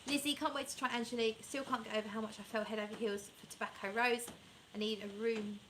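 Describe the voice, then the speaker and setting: A woman's voice: fairly high pitch, steady tone, fast talker, a bit bright, a little hiss or hum, low-quality recording. A woman vlogging casually about perfumes, chatty and enthusiastic, rambling and correcting herself as she reads viewer comments. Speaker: fragrance vlogger. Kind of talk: casual chat reviewing perfumes and reading live comments.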